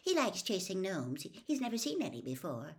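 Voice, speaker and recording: A woman voicing an eager, brisk teenage girl witch, raising her pitch for the part in a storybook reading. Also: very animated. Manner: quick, eager questions.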